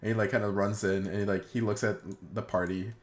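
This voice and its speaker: A man's voice: lowish voice, steady tone, fairly quick. A man narrating as game master of a tabletop game, rambling with many fillers and restarts.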